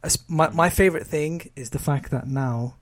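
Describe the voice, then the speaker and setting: A man's voice: a little high, normal speed. A young man co-hosting a podcast, chatting casually and joking, often laughing between remarks. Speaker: podcast co-host. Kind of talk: casual chat.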